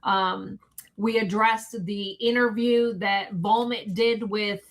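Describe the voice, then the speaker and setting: A woman co-hosting a live stream, briskly recapping facts in a matter-of-fact way. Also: medium pitch, fairly even intonation. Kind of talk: casual live-stream chat.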